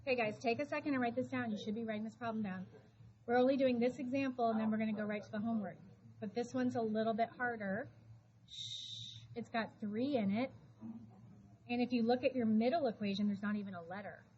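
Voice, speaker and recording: A woman teaching math to a high school class, talking briskly and calling students back to attention. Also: darkish tone. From Florida. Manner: brisk, shushing, calls for attention. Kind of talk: classroom lesson. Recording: dull classroom recording with noise.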